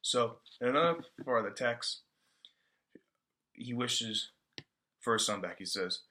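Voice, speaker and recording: A man talks through a book report in a loose, offhand style, packed with fillers. His voice is lowish but bright and forceful. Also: unhurried, long pauses. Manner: loose, slangy, full of fillers. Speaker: student presenter. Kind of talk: casual book-report talk.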